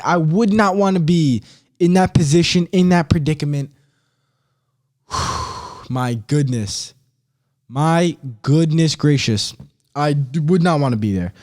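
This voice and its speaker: Young man, podcast host, slightly high voice, excitable, slangy, casual chat. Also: measured pace. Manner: excitable, slangy, animated storytelling.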